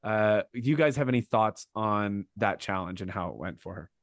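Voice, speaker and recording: A man's voice: lowish voice, moderate pace, dry recording. Man recapping a TV show, dry sound. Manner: rambling, animated play-by-play retelling. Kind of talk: casual podcast recap.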